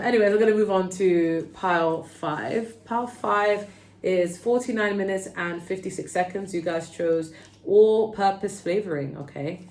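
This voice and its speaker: Woman, London accent, mid-pitched, talkative tarot reader; roomy sound. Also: measured pace. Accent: London English. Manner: chatty, animated, peppered with "okay?" and "like". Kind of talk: casual pick-a-card tarot reading. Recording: roomy echo.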